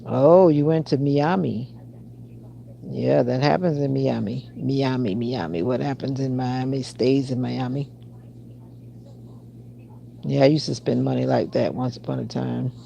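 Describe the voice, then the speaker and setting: A woman's voice: very deep voice, a little slow, creaky, long pauses, warm tone, muffled recording, a little hiss or hum. A woman hosting a casual livestream, chatting and answering viewer comments aloud. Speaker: livestream host.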